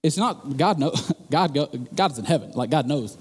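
A man preaching a sermon from the stage, telling the story in an animated, joking way and building to emphatic bursts. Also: a little high, normal speed, husky, big-room sound.

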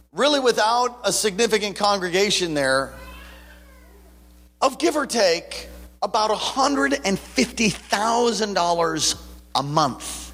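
A man preaching a sermon, telling a story with animated quotes and frequent restarts. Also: high-pitched, breathy edge, long reverb tail. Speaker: pastor.

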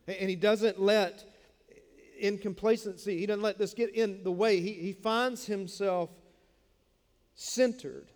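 A man with a high voice and a steady tone preaches unhurriedly, treating his sermon like a casual chat. Jokes with the listeners mix with explanations full of repeated words. Long reverb echoes through the large hall.

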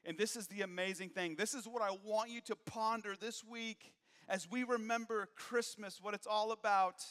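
A man preaching a sermon, moving from hushed, low passages to raised, emphatic ones. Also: fairly even intonation, normal speed, few pauses, in a large hall.

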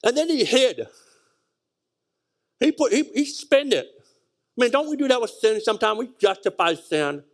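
A man's voice: very high voice, big pitch swings, normal speed, pauses often. A man preaching a sermon, reading scripture aloud and stressing points with repeated words and sudden rises and drops. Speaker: pastor.

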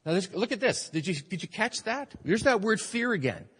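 A man preaching a sermon as pastor, emphatic, swinging between loud urgent passages and quiet earnest ones. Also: sits high, very animated, moderate pace, breathy edge, big-room sound. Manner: emphatic preaching, rising and falling in force.

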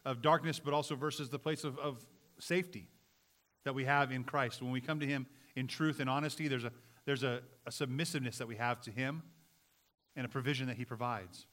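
A man's voice: fairly even intonation, a little fast. Emphatic man preaching a sermon. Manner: earnest, swings between loud emphatic lines and low hushed ones. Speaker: pastor.

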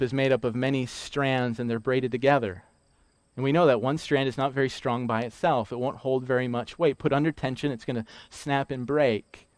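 A man preaching a sermon, emphatic, repeating key lines slowly for weight. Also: mid-range voice, a little mellow, dry recording. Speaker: pastor.

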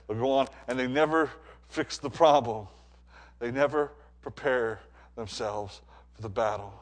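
A man with a mid-range voice preaches an animated sermon, swinging from quiet stretches into loud, emphatic builds. He often repeats words as he drives a point home.

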